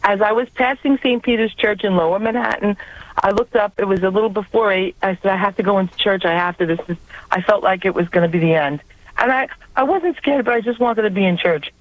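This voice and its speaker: A woman's voice: medium pitch, quick pace. A woman with a New York accent calling in to a radio show, telling an earnest personal story. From Long Island, New York. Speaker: caller. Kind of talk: personal testimony on a call-in show. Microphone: telephone. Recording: tinny phone line.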